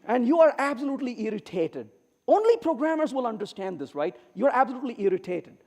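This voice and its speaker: Man, middle-aged, very high voice, keynote speaker, storytelling, long hall reverb. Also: quick pace. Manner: animated, acts out quoted dialogue. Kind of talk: humorous conference keynote storytelling. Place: large conference hall.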